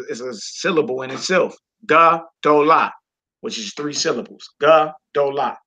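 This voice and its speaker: A man teaching a Hebrew reading class in a relaxed, informal way, talking to students while he works the screen. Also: mid-range voice, slightly rough. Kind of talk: casual online class lesson. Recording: lo-fi recording.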